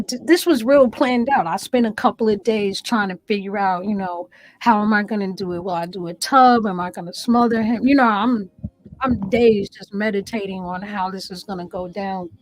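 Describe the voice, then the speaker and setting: A woman's voice: medium pitch, no echo, poor audio. A woman who is a comedian, a guest telling an emotional personal story with earnest feeling and acting out her own past words. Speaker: interview guest.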